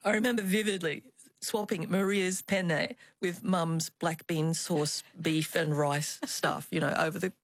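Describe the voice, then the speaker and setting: An older woman reflects on her family's past at an unhurried pace, often pausing to find her words. Her voice sits low for a woman. The recording is close and dry, with no room sound. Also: steady tone, no echo. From Australia. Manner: warm reminiscing with small hesitations. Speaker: interview guest. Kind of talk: reflective storytelling.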